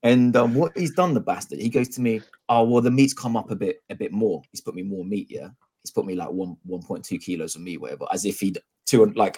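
A man's voice: lowish voice, breathy edge. A man telling a long story in casual podcast chat, acting out the dialogue and swearing freely. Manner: animated, acts out both sides of dialogue, swears freely. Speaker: podcast co-host.

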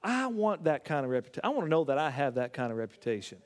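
A man's voice: a little high, big pitch swings, quick pace, long reverb tail, slight background noise. A man preaching a sermon, telling stories with emphatic stammered restarts. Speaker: pastor.

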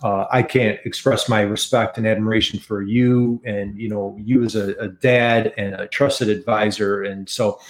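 A man's voice: on the low side, fairly even intonation, normal speed, hardly any pauses. A middle-aged man with an American accent, a podcast guest chatting eagerly and repeating key figures for emphasis. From United States. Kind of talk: casual interview chat.

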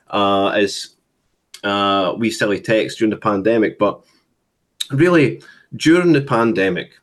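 A Scottish man, a political activist guest, talking casually with scorn, with frequent uhs and restarts. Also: fairly low pitch. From Scotland.

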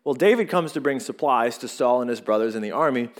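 A male pastor delivers a sermon in a church sanctuary, telling a story with animated, shifting emphasis. His voice sits at an ordinary pitch for a man. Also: fast.

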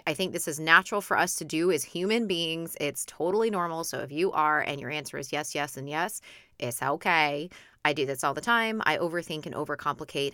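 A woman's voice: sits low, bright, forceful tone, no echo, clean studio sound. A woman in her thirties hosting a casual podcast as a coach, chatty and encouraging, often checking in with "okay?" and "right?".

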